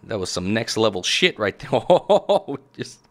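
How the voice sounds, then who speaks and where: A man hosting a gaming video, giving excitable gameplay commentary and shouting at the game. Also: on the low side, takes it slowly. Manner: excitable, yells at the game, chuckles. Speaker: gaming channel host.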